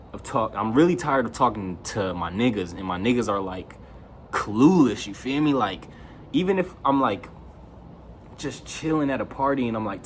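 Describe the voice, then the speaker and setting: A young male vlogger talks straight to camera in a loose, slangy monologue, getting louder whenever he quotes his friends. His voice is fairly low, with slight background noise.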